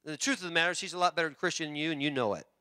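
A man pastor preaching a sermon in church, animated and joking with the congregation. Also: fairly high pitch, racing, clear, resonant tone. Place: church sanctuary.

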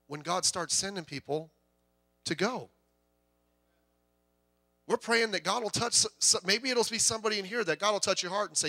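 A middle-aged man, a pastor, preaching a conversational, joking sermon with lively delivery. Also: sits high, normal speed, long pauses.

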